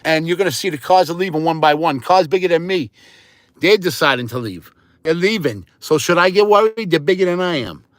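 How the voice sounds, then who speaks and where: A man's voice: on the high side, animated, brisk. A man live-streaming on his phone, chatting casually and rambling, repeating himself and greeting viewers by name, mostly outdoors in a windy parking lot. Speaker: livestreamer. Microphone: handheld phone. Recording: phone mic with loud wind noise.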